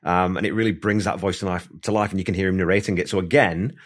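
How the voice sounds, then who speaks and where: A man's voice: low voice, steady tone, fast talker. A man hosting an interview, chatty and enthusiastic, rambling through his thoughts with restarts. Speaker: podcast host. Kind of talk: casual interview chat.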